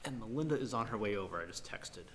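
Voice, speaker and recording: A man giving a casual, halting report to a town board at a public meeting. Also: on the low side, expressive. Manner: casual, hesitant with many fillers. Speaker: town manager. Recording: echoey hall with background noise.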